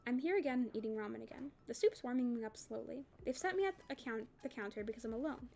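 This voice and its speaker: A woman reading a novel aloud in an expressive first-person voice for a book club. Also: a little high, quick pace, gravelly, slight background noise.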